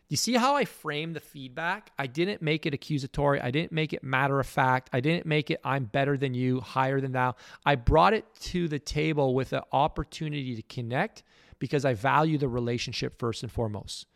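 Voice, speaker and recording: A man's voice: medium pitch, fairly quick, creaky, no room sound, studio quality. A middle-aged man hosting a podcast, giving a blunt, emphatic motivational monologue. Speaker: podcast host.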